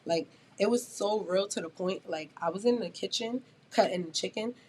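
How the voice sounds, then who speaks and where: A woman's voice: mid-range voice, normal speed, a little mellow, slight background noise. A woman guest on a podcast, telling a story in a casual, blunt and profane way that often turns heated.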